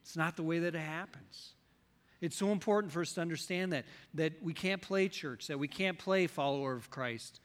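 A man preaching a sermon to his congregation, questioning them directly and swinging between loud and soft delivery. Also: fairly high pitch, moderate pace, big-room sound. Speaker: pastor.

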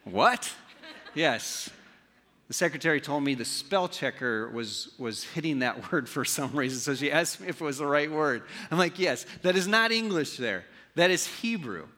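A man from the preaching a sermon as pastor, animated, often asking the congregation questions. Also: on the high side, normal speed, big-room sound. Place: church hall.

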